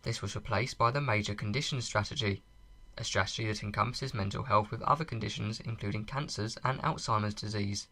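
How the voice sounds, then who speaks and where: A man reporter reading a measured, scripted news voice-over. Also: on the low side, sharp tone.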